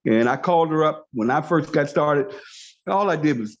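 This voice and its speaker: A man's voice: a little high, lively intonation, moderate pace. Emphatic man preaching over a lo-fi call. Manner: emphatic, preachy, repeats key phrases. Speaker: network marketing trainer. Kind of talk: motivational training talk on a video call. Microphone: video call. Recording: dull lo-fi call audio.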